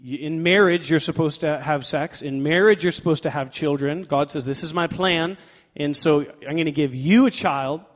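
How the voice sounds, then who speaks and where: A man's voice: a little high, moderate pace, few pauses. Man preaching in a reverberant church. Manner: lively preaching, swinging from loud emphatic bursts to quiet asides; conversational with fillers like "like" and playful self-talk. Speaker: pastor. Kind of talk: sermon. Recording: long reverb of a large hall.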